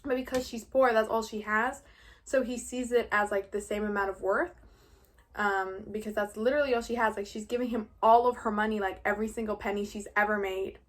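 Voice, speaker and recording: A woman's voice: medium pitch, fairly even intonation, a little fast. An eighteen-year-old woman from New York, casually recapping a musical while eating, talking in a rambling way full of "like". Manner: chatty, rambling, heavy on "like". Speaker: vlogger.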